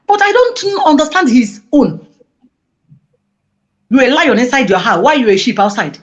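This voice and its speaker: A woman giving an emotional interview, speaking passionately and halting with many restarts. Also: fairly high pitch, sing-song. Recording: dull lo-fi audio.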